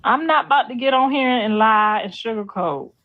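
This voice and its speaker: A woman's voice: fairly high pitch, moderate pace, phone-quality sound. Blunt, profane middle-aged woman. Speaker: host. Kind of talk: casual gossip livestream.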